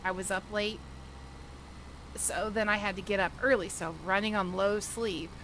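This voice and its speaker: A woman's voice: mid-range voice, steady tone, normal speed, a bit bright, a little hiss or hum, low-quality recording. A woman livestreamer chatting casually with viewers while gaming, telling stories and laughing often.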